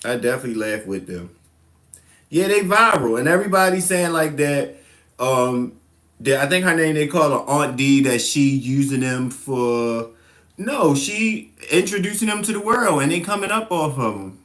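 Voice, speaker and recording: Man, slightly high-pitched, livestream host, casual chat with viewers, laughs often, playful teasing. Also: lively intonation, moderate pace, fairly bright tone.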